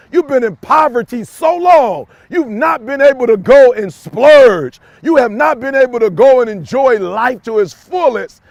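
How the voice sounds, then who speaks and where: A man giving an emphatic, repetitive motivational talk straight to the listener, breaking into shouts and folksy asides. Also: extremely high pitch, dry recording. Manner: folksy, addresses listener directly. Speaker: motivational speaker.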